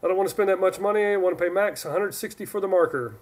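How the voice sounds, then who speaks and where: A man's voice: sits high, rapid-fire. A man from Northern California hosting a casual live stream, answering viewer questions in a rambling, chatty way that often trails off and restarts. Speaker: livestream host.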